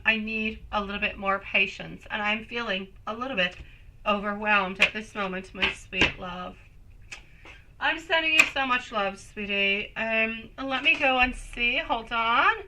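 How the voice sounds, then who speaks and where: A woman's voice: on the high side, bright, forceful tone, poor audio. A woman hosting a live-stream tarot reading, chatting with viewers and calling them sweetie and my love. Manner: chatty, reads viewer comments aloud and answers.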